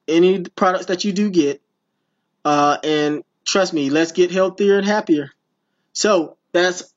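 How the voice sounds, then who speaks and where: A man hosting a podcast, rambling through his sign-off with many restarts and fillers. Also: high-pitched. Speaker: podcast host. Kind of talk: casual podcast outro. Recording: dull lo-fi sound.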